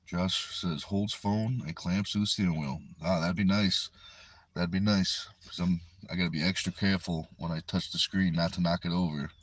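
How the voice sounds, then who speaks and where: Speaking at a moderate pace with fairly even intonation, a low-voiced host streams casually from inside his car. He reads viewer comments aloud in a relaxed, talkative way into a phone propped on the steering wheel.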